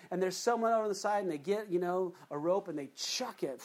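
Animated, chatty preacher mid-sermon. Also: mid-range voice, brisk. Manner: chatty, asks the congregation questions. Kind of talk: conversational sermon.

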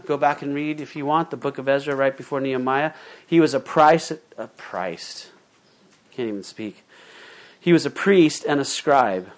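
A male pastor preaching a sermon in a conversational way, reading scripture and then retelling it in plain, casual words with fillers and restarts. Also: on the high side. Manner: reads scripture aloud, then paraphrases it informally.

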